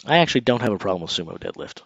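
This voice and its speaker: Low-voiced man hosting a live stream. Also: sing-song, very fast, vocal fry, fairly bright tone, dry recording, dull audio. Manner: conversational, talks straight to viewers. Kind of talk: casual live stream chat.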